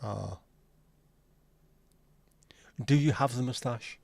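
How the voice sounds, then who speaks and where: A man's voice: medium pitch, takes it slowly, creaky, darkish tone, dry recording. A man hosting a live stream, chatting casually and teasing his viewers as he reads and answers their comments. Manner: friendly, teasing banter with viewers. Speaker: livestream host.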